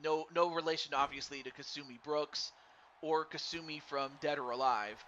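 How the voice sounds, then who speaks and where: A man doing live play-by-play commentary on a wrestling game for a stream, excitable and stumbling over his words while chatting with viewers. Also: fairly high pitch, moderate pace. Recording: dull lo-fi stream mic with faint noise.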